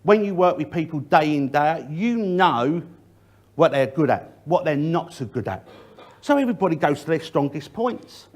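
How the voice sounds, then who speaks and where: Middle-aged man, safety speaker, talks straight to the room with varied emphasis, slightly raised pitch. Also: expressive, moderate pace. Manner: direct, addresses the audience, varies emphasis. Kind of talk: public talk to an audience.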